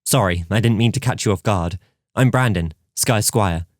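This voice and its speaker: A man's voice: fairly low pitch, normal speed, dry recording, clean studio sound, lightly acted. A man voicing a charming, cocky young squire in an audiobook, teasing and easygoing.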